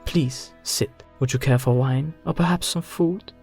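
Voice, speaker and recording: A man's voice: mid-range voice, a little slow, darkish tone, husky, soft background music. A man voicing a poised, graceful queen who speaks graciously in a musical way.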